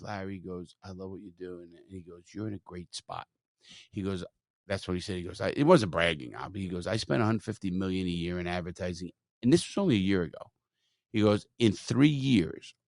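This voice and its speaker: A man hosting a podcast, telling stories in a profane, animated way and quoting others as he goes. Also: sits low, creaky, no room sound. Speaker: podcast host. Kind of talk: casual storytelling chat.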